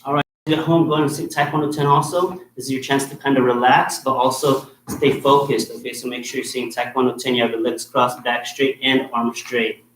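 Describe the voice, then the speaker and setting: Man, martial arts instructor running a kids' class, firm but encouraging, mid-pitched, roomy echo, faint hiss. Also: fairly even intonation, a little fast, hardly any pauses, fairly bright tone. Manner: firm and encouraging, checks in with "okay?" after nearly every point. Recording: echoey room with faint noise.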